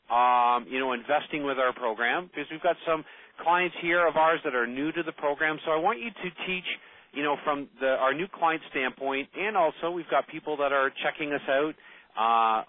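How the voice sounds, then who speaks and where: A man's voice: mid-range voice, no room sound. Salesy man host on a phone line. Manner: salesy, rambling, many fillers. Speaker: host of a mentoring call. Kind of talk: webinar hosting on a conference call. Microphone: phone call.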